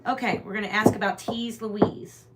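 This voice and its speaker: A woman's voice: medium pitch, fairly even intonation, moderate pace, background noise. A woman hosting a live tarot reading stream, chatting casually and talking straight to her viewers. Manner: chatty, rambling, talks directly to viewers. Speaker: tarot reader, livestream host.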